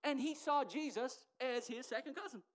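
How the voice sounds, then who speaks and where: A middle-aged woman preaching a sermon in an animated, emphatic way that builds to loud declarations. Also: high-pitched, moderate pace.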